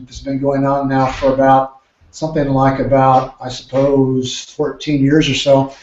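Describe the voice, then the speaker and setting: A man, a triathlon coach, explaining training ideas in a podcast interview with measured, careful phrasing and frequent restarts. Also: fairly high pitch, darkish tone. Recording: roomy, dull lo-fi sound.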